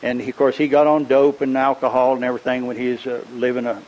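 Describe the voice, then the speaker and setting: Older man preaching, clearing his throat. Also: medium pitch, flat delivery, fast, a little mellow, a little hiss or hum, poor audio. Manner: rambling, conversational, frequent throat-clearing. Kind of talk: folksy storytelling sermon.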